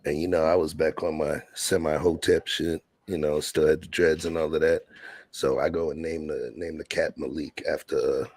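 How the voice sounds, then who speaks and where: A man's voice: level tone, normal speed, darkish tone, no echo. A man from Brooklyn, hosting a laid-back streamed chat and telling stories in street slang. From Brooklyn, New York. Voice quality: deep, gravelly and husky. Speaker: show host.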